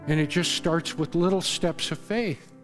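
A man preaching a sermon as pastor, earnest, rising to loud emphasis and dropping to hushed tones. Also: fairly high pitch, a little slow, long reverb tail, soft background music. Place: church sanctuary.

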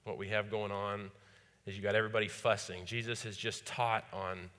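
Guy preaching a sermon, bright sharp voice, lots of repeated lines and questions to the crowd, long reverb like a big church. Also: on the low side, flat delivery, a little fast. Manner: repetitive, rhetorical questions to the congregation. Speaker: pastor.

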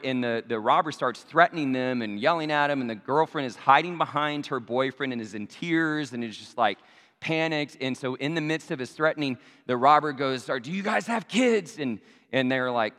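A male pastor giving a conversational sermon to his congregation, often checking in with them using quick tag questions. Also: mid-range voice, fairly bright tone. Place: church sanctuary. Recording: long reverb of a large hall.

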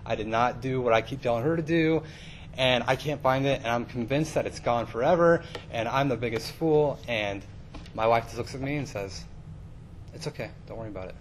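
A man's voice: medium pitch, normal speed, slight background noise. A man preaching in a casual storytelling way, chatty and self-deprecating with many fillers.

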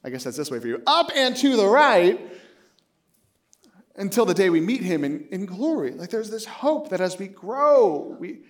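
A pastor in his late thirties delivers a sermon in a high, bouncy voice with wide swings in pitch, moving fairly quickly with few pauses. He tells his stories with animation, voicing both sides of each conversation and laughing easily as he talks.

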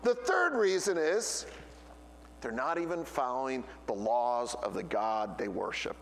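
A man's voice: medium pitch, very animated, unhurried, gravelly, a bit bright, big-room sound, slight background noise. A man preaching a sermon as a pastor, telling stories and acting out the voices he quotes. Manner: storytelling preacher who acts out quoted voices.

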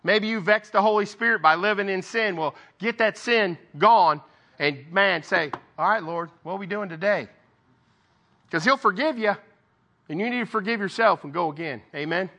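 A man's voice: high-pitched, moderate pace, bright, forceful tone. A man giving an informal Bible devotional, reading scripture aloud and breaking off for conversational asides. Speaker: lay preacher.

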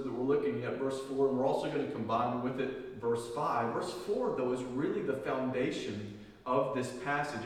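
A male pastor giving a sermon, reading scripture slowly and with emphasis, then explaining it in relaxed, conversational asides. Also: mid-range voice. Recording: echoey hall, picked up from a distance.

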